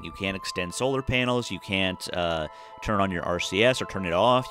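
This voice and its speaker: A man's voice: low voice, normal speed, music in the background. A tired man casually talking through a space game, rambling with lots of fillers and restarts. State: tired, yawning. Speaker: gameplay commentator. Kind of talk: casual let's-play commentary.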